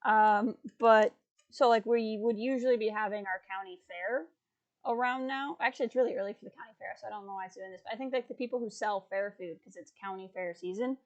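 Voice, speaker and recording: A woman streams a video game and chats casually, amused as she plays, with game music running behind her voice. She talks fast at a medium pitch, and the recording has no room sound and cut-off highs.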